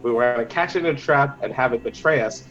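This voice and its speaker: A man's voice: mid-range voice, fast talker, fairly bright tone, faint music behind. A man playing a tabletop game who talks through his schemes step by step and laughs often. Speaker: player. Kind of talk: tabletop game play, casual. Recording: dull lo-fi sound.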